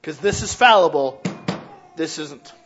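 A man pastor preaching a sermon in a church, animated, asking questions aloud and acting out what people say. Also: a little high, a little slow, dull audio. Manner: animated preaching, acting out quoted voices, shouts rhetorical questions.

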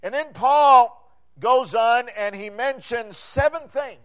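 A man's voice: extremely high pitch, slow, a bit bright, clear, resonant tone. A man preaching a Sunday morning sermon, emphatic, repeating key phrases in a swelling, falling cadence. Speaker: pastor.

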